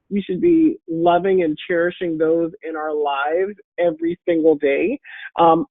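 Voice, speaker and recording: A woman with a deep voice, congested and a bit hoarse from a cold, giving an upbeat, encouraging webinar talk as a guest speaker. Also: no room sound. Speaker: guest speaker and patient advocate. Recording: phone-like online call audio.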